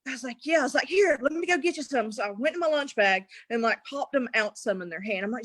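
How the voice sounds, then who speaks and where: Young adult woman, animated storyteller, bright upper pitch, dry close mic. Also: fast talker, few pauses, no room sound. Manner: animated, acts out quotes, laughs often. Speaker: guest. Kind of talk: casual storytelling.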